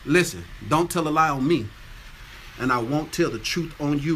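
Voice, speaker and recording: A man's voice: a little high, animated, moderate pace, a bit bright, breathy edge. A man from Atlanta, hosting a casual livestream from his home on a phone, greeting viewers by name and repeating his catchphrases. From Atlanta, Georgia. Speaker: livestream host. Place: home with windows open.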